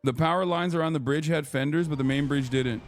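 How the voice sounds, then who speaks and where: Higher-voiced man ranting on a stream. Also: brisk, faint music behind. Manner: profane, emphatic ranting. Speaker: livestreamer. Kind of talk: livestream political commentary.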